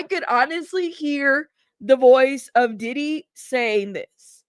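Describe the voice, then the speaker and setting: A young woman hosts live news commentary, reading court updates aloud and reacting with laughter and asides. Her voice sits high and expressive, and she speaks slowly. The recording is dry and studio quality.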